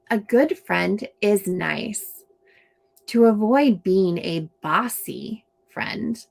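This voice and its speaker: A woman reading aloud and explaining to young children in a slow, gentle teaching manner. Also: medium pitch, gravelly. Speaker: storytime reader and teacher.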